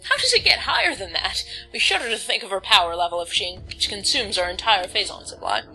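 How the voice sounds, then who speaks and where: Bright-voiced woman narrating her gameplay. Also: medium pitch, sing-song, a little fast, soft background music, rough recording. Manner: chatty, reads on-screen log text aloud, stumbles over words. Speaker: let's play host. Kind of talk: casual gameplay commentary.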